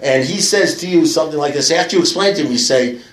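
A man's voice: a little high, quick pace, reverberant, rough recording. A man telling a long story to a recovery meeting, rambling with many fillers and blunt, profane humour. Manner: rambling, full of "you know" fillers. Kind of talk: storytelling talk to a live audience. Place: meeting room with an audience.

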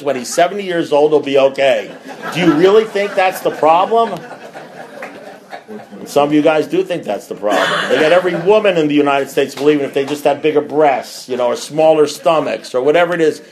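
In front of a recovery group, a middle-aged man talks frankly and crudely, his voice jumping from loud eruptions down to low grumbles.

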